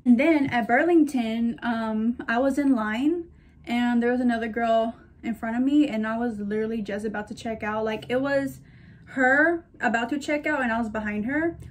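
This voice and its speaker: Young woman, casual vlogger, slightly high voice, gushing and chatty. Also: moderate pace. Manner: gushing, chatty, talks to her purses. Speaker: shopping vlogger. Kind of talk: casual chat to camera.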